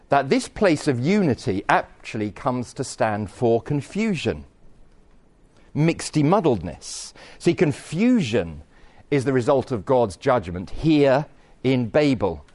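Lively preacher man. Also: mid-range voice, a little slow. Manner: lively, conversational, wry asides. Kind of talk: sermon.

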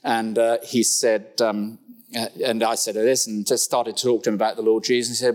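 A middle-aged man preaches in a church, with wry humor and a voice that leaps up for emphasis before dropping back down. His pace swings between quick asides and slow, weighty lines. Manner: lively, humorous asides and sudden pitch jumps. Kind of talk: sermon.

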